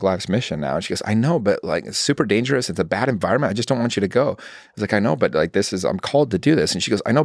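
Male podcast guest, earnest casual storyteller, deeper voice, dry close recording. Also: no echo. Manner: earnest storytelling, frequent "like" fillers. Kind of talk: casual conversation.

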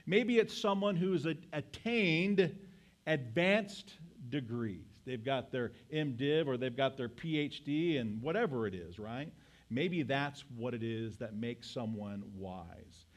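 A man's voice: mid-range voice, lively intonation, slow. A male pastor preaching a sermon to his congregation, emphatic and full of rhetorical questions.

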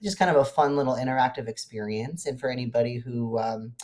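A woman's voice: rumbling low, fast talker, a little mellow. A woman co-hosting a podcast in casual chat, chatty and giggly, with lots of fillers. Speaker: podcast co-host.

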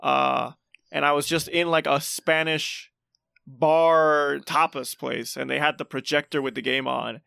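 A man's voice: on the high side, steady tone, unhurried, creaky, bright, forceful tone, clean tone, dry recording, studio quality. A man in his twenties telling stories in casual chat, stumbling over restarts and fillers.

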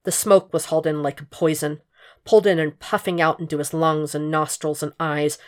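A woman narrating a fan fiction story in a steady, intense audiobook reading. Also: deep voice, normal speed.

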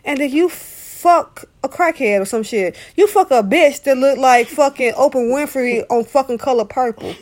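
Woman, high voice, profane comedic rant, casual co-host chat. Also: normal speed, few pauses, a little mellow.

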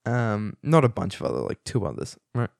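A man's voice: on the low side, very animated, a little fast, vocal fry, a little mellow, no room sound, studio quality. A young man giving a casual, rambling film review, amused and full of fillers and restarts. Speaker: movie reviewer.

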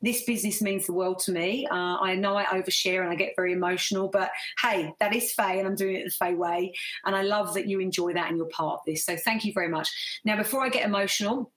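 A woman's voice: medium pitch, fairly even intonation, fast talker, fairly bright tone. A woman hosting a live online group, chatty and effusive as she thanks her viewers and reads out their comments. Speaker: business coach hosting a live group session. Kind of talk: casual live stream sign-off.

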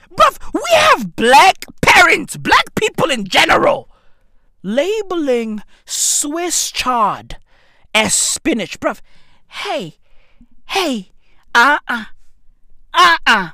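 A man, delivering a profane comedic rant that swings between shouting and muttering. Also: very high-pitched, big pitch swings, slow pace, no room sound. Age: 30s.

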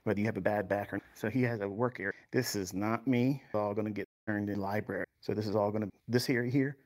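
A man's voice: lowish voice, steady tone, fast. A man in his fifties giving a rambling, boastful house tour on a livestream, laughing often, his voice strained by back pain. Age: 50s. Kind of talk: casual livestream walkthrough.

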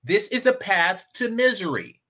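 Guy streamer doing snarky reaction commentary, bright and kinda high. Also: very animated, normal speed. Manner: sarcastic, talks back to clips.

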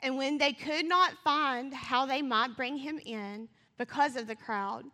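A woman preaching a sermon. She reads scripture and talks fast, rising to passionate calls. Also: sits high, bright, forceful tone. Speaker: church speaker. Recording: long reverb of a church hall.

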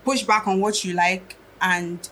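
A young woman talks through her thoughts on a podcast, musing and reflective as she weighs each point. Her voice sits at a middle pitch for a woman, and her delivery stays casual and conversational. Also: steady tone, a little slow, pushed and bright, low-quality recording. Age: young adult. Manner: reflective, musing, thinks aloud. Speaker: guest musician.

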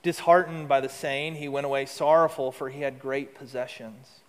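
A man's voice: steady tone, moderate pace, smooth. Man preaching in a reverberant hall. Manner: preaching with rising emphasis and soft, low asides. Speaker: pastor. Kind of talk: sermon.

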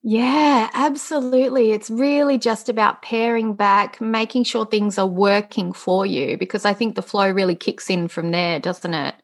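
A woman's voice: mid-range voice, steady tone, moderate pace, few pauses. A woman guest on a podcast, talking in an upbeat, cheerful way with a smile in her voice. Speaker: guest, business podcast host. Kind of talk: casual interview chat.

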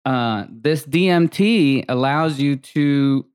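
Rambling man with a smooth voice. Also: mid-range voice, slow pace, dry recording, clean studio sound. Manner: rambling, animated storytelling with many fillers. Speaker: podcast co-host. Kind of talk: casual chat.

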